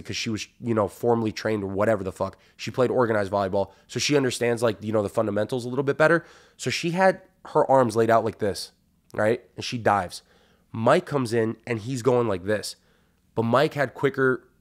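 Profane, animated male podcast storyteller. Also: mid-range voice. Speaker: podcast host. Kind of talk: casual storytelling.

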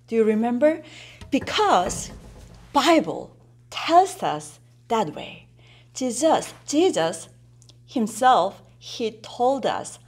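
Slow, lively woman preaching. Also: a little high. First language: Korean. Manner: emphatic, repeats key points, asks the children questions. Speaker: children's worship teacher. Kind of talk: children's sermon.

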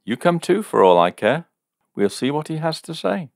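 A man's voice: fairly high pitch, moderate pace, creaky, no echo, clean studio sound, voice pushed up. A man reading a story, voicing a smug, scornful young skeptic. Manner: steady, scornful, teasing.

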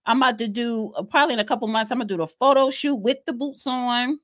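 A woman co-hosting a casual podcast chat, sassy and animated, calling people honey. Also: on the high side, fast. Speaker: podcast co-host.

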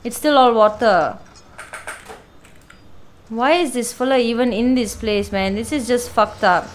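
High, unhurried woman panicking over a horror game. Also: a little hiss or hum, rough recording. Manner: panicky, swears, pleads aloud with the monster. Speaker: let's play gamer.

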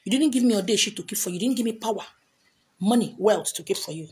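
A woman's voice: medium pitch, quick pace, a little mellow. A Nigerian woman talking to her followers as a spiritual teacher, emphatic and repetitive, slipping into Pidgin and Igbo. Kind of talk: social media talk.

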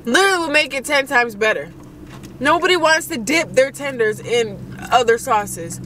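A woman's voice: high-pitched, lively intonation, normal speed, fairly bright tone, slight background noise. A young woman co-hosting a couple's mukbang vlog, talking bluntly and playfully about food from inside a car. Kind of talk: casual mukbang chat.

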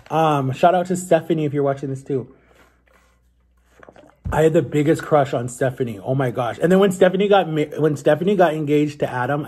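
A man's voice: medium pitch, dark tone, husky. A young man vlogging in a casual, rambling way, with many "like"s and self-corrections as he talks to his viewers. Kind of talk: casual confessional vlog talk.

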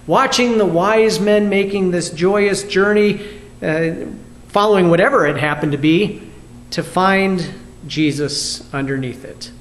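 Male pastor, high voice, reflective video sermon, asks the viewers questions. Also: unhurried. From United States. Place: church.

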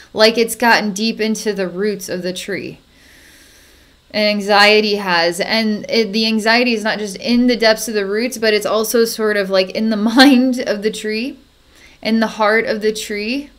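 A woman psychic narrating a distance energy healing in a halting way, with frequent fillers and soft chuckles. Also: mid-range voice. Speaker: psychic healer.

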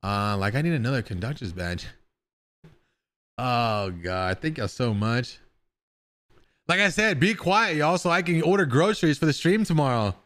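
A man's voice: mid-range voice, big pitch swings, moderate pace, long pauses, a bit bright. A man streaming live, chatting casually with his viewers in a rambling way and swearing now and then.

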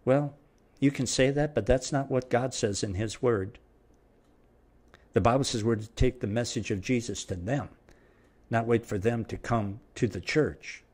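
A man's voice: mid-range voice, a little slow, darkish tone. A middle-aged man preaching a verse-by-verse Bible sermon with an emphatic, repetitive cadence.

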